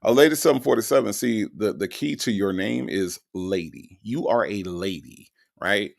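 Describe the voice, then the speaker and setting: A man's voice: lowish voice, normal speed, vocal fry. A man hosting a show, mocking and emphatic as he reacts to recorded calls and reads viewer comments aloud.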